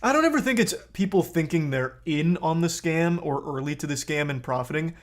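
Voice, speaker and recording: A man's voice: on the high side, animated, a little fast. A man streaming live, reacting to a video with blunt, profane commentary that gets heated.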